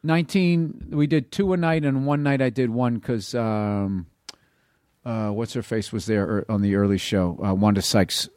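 Rambling comedian, dry mic. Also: male voice, medium pitch, moderate pace, darkish tone, no room sound. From Boston. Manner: rambling, loose storytelling with many fillers. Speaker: comedian guest. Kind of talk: casual podcast conversation.

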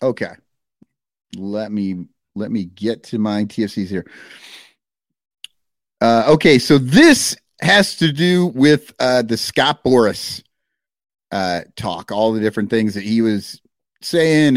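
A man co-hosting a casual podcast, talking in a loose, profane, animated way. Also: lowish voice, dry recording, clean studio sound. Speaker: podcast co-host.

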